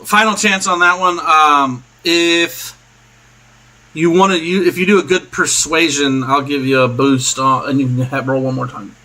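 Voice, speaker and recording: A man's voice: a little high, fairly even intonation, moderate pace, bright, forceful tone. A man narrating a tabletop game as game master, loose and rambling, often laughing.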